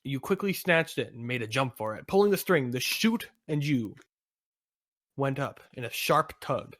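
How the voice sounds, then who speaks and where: This podcast co-host narrates fan fiction in a playful, amused way and keeps breaking into laughter between lines. He has a mid-range, fairly bright voice with lively intonation and a moderate pace. The studio sound is clean, with no room sound.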